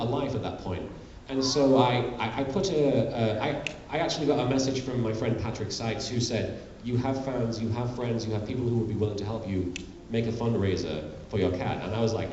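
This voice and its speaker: A man answering audience questions at a convention panel, talking in a candid, halting, self-deprecating way. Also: mid-range voice, noisy background. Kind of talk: live Q&A panel talk. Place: large convention hall. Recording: echoey, dull convention hall sound. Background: audience murmur.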